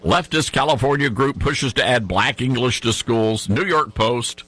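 A man's voice: medium pitch, measured pace, fairly bright tone, no echo. A man hosting a talk show, reading news headlines aloud and putting questions to a co-host.

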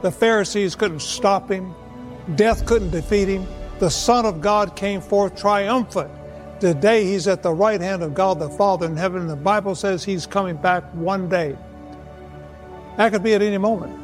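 High-voiced preacher with soft music behind. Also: male voice, in a large hall. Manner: earnest, measured, slows for emphasis. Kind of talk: evangelistic sermon.

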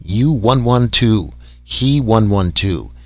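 A man voicing a small birdlike male alien with a squeaky voice and clipped broken words. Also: expressive, takes it slowly, no room sound. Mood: patient.

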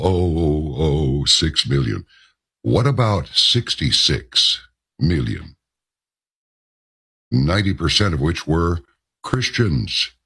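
A man hosting a talk radio show in an emphatic monologue, leaning hard on the words he stresses. His voice sits very low, with a gravelly fry and a husky, raspy edge. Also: a bit bright. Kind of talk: on-air opinion monologue.

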